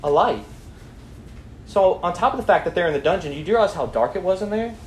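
Lively young man preaching. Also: sits high, fast. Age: young adult. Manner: animated, asks the group questions, reads scripture aloud. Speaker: student Bible study leader. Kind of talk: preaching Bible study. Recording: echoey room, faint background noise.

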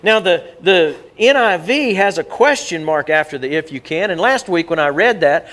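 A middle-aged male pastor preaches a sermon in a church sanctuary, his voice a little high with a bright, forceful tone. He talks conversationally, often repeating words and restarting, jumping back and forth as he goes.

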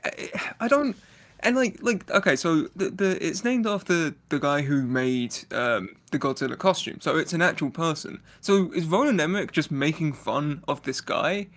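A man with a somewhat high voice co-hosts a casual movie review chat. He retells scenes in an animated way and laughs between his points. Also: normal speed. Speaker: podcast co-host.

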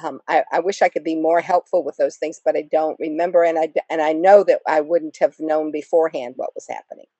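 A woman's voice: deep voice, steady tone, brisk, few pauses, dark tone, no echo, dull audio. A woman actress guest talking casually in an interview, rambling with many fillers and small laughs.

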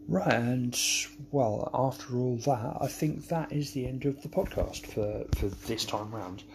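A man hosting a podcast, signing off in a rambling, halting way that keeps repeating words. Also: mid-range voice, vocal fry, noisy background. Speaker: podcast host. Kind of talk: casual podcast sign-off.

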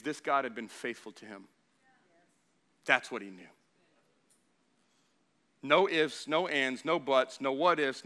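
A pastor preaching a sermon, moving from quiet storytelling to loud, animated preaching as he acts out the quotes. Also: fairly high pitch.

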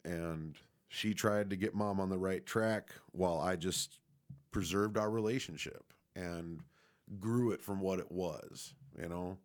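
A man's voice: sits low, unhurried. A young man casually telling a rambling personal story, laid-back and swearing often.

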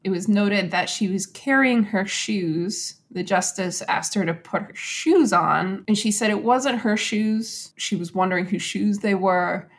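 Woman, podcast host, casual storytelling, animated, acts out quotes. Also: mid-range voice, measured pace, hardly any pauses.

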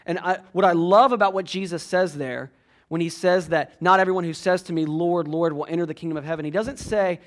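High-voiced man preaching a conversational sermon. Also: steady tone, a little fast. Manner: conversational preaching with frequent "right?" asides. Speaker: pastor.

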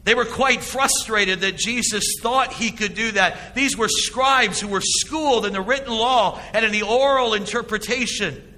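A man preaches a sermon with a high, very bright voice, pressing his points and asking the congregation rhetorical questions. His delivery swings between hushed and emphatic. The sound carries the long reverb of a church sanctuary. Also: moderate pace. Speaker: pastor.

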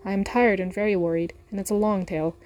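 A woman's voice: mid-range voice, steady tone, quick pace, darkish tone, a little hiss or hum, lightly acted. Woman voicing a tired worried hobbit. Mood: anxious.

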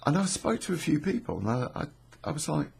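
A man's voice: a little high, sing-song, brisk, gravelly, a little mellow, breathy edge. A middle-aged man, telling a rambling true story casually, swearing freely and stopping often on fillers and restarts.

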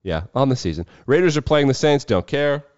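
A man hosting a casual solo sports talk show, profane and wry with quick asides. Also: mid-range voice, animated, a little mellow, smooth, dry recording, muffled recording. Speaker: sports betting show host.

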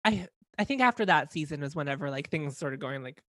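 A man's voice: a little high, lively intonation, brisk, sharp tone, dry recording, studio quality. A man co-hosting a casual chat, laughing often and tossing in sassy asides. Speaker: podcast co-host.

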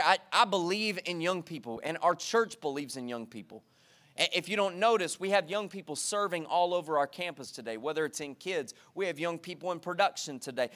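A man preaching a sermon in a church, energetic and repetitive, calling for responses from the congregation. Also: sits high. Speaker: pastor. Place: church sanctuary.

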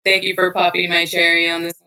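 A woman joins a podcast as a guest, teasing her husband and laughing. Her voice sits low but sounds bright and sharp. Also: completely flat delivery, fast talker, clear, resonant tone. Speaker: podcast guest, co-host's wife. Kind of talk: casual podcast banter.

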